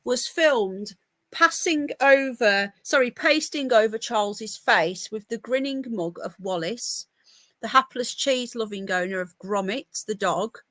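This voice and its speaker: A woman's voice: fairly high pitch, a little slow, a bit bright, no echo. A woman hosting a live news podcast from home on a laptop mic, chatting in a rambling, easily distracted way. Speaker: podcast host reading news. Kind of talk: casual live news chat. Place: home by a window.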